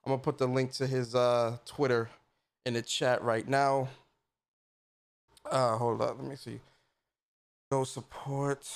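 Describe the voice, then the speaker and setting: A man's voice: medium pitch, normal speed, pauses often. A man hosting a casual gaming livestream, greeting viewers by name in a laid-back, slangy way. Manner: laid-back slangy shout-outs, lively. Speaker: podcast host.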